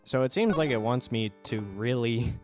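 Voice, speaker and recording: A man's voice: medium pitch, moderate pace, a little mellow. A man casually commenting on gameplay, blunt and swearing, with game music behind. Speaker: let's play host.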